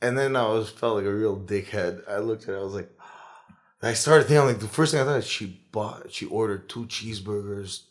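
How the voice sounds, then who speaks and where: A man's voice: lowish voice, fairly quick. A man on a podcast recounting a drunken night in casual chat, swearing and acting out what people said. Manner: expressive, swearing, acts out quotes. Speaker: podcast co-host.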